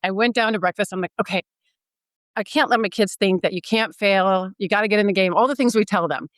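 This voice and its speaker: Smooth-voiced woman telling her story. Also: mid-range voice, fast, dry recording, clean studio sound. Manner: animated, acts out quoted dialogue. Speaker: podcast guest. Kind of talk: casual storytelling.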